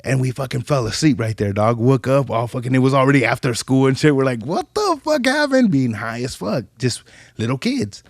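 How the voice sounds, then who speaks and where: A young man telling animated stories in casual podcast chat, full of profane slang. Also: fairly quick, vocal fry, no echo, clean studio sound. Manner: animated, profane street slang, jumps pitch when quoting people. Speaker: podcast guest.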